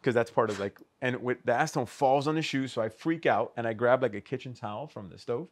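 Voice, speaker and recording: A man, a podcast guest, telling a story in an animated, casual way, swearing freely and acting out the lines of the people in it. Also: medium pitch, fast. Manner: animated, swears, acts out quoted dialogue. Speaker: podcast guest, custom shoe artist.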